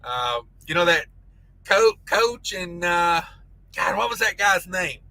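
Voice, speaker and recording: A man's voice: high voice, lively intonation, slow pace, bright, forceful tone, rough recording. A man hosting a casual trucking live stream, reading chat messages aloud with crude jokes and frequent laughter. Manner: crude joking banter, laughs often.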